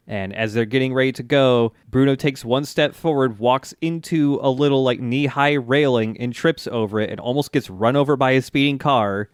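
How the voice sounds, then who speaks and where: A man's voice: medium pitch, moderate pace, hardly any pauses, clean tone, dry recording, clean studio sound. A man co-hosting a podcast, recapping episodes in casual chat and acting out character lines with laughs. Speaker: podcast co-host.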